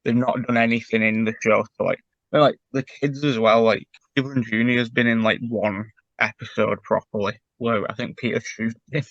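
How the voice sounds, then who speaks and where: A man's voice: mid-range voice, steady tone, fairly quick, fairly bright tone, no echo, lo-fi sound. A man, co-hosting a podcast in casual chat and analysing a cartoon with many fillers. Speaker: podcast co-host.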